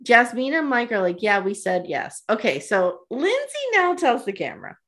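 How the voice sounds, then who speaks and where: A woman co-hosting a casual recap podcast, animated and gossipy, retelling scenes with quoted asides and laughter. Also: a little high, normal speed. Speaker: podcast co-host.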